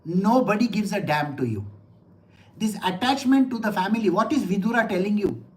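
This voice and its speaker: A woman's voice: medium pitch, animated, a little fast, darkish tone. A woman giving a scripture discourse in a blunt, emphatic, conversational way. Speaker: spiritual teacher.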